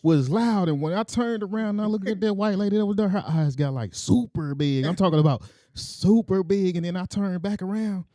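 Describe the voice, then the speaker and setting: A man spins a childhood tale in loose, casual storytelling, acting out every quote and slap with sound effects. His voice sits high for a man, and the recording is close and dry with no room sound. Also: a little fast, dark tone, dry recording. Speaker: podcast co-host telling a story.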